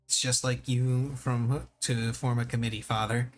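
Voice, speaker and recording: A man's voice: medium pitch, little pitch movement, a little slow, soft background music, natural voice. A man reading as a bitter young daughter. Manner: bitter, accusing. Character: angry young woman, a rich man's daughter.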